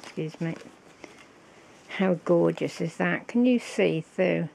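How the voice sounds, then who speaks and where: A woman, slow and fond, showing off a handmade craft gift on her vlog and gasping with delight. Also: fairly low pitch, gravelly, darkish tone. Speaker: crafting vlogger. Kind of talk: casual show-and-tell of a craft gift.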